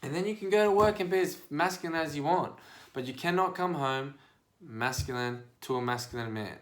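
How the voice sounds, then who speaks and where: A man hosts a podcast and talks straight to his listeners. His delivery is casual but preachy, building into animated bursts as he lays out his advice. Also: a little high, brisk. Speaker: podcast host and life coach.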